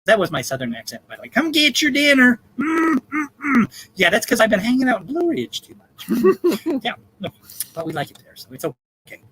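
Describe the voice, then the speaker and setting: A man hosting a live charity bingo game, calling numbers in a drawn-out way and joking in between. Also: high voice, sing-song, fairly bright tone, slightly rough, poor audio. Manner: campy, jokey, drawn-out number calls. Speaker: bingo caller and host.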